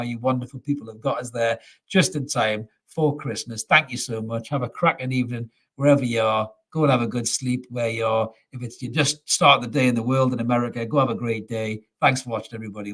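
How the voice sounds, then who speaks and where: A man hosts a relaxed football fan stream, his voice a little husky and sitting at a middle pitch. He chats loosely, laughs often and calls people mate. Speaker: fan podcast host. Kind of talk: casual football chat.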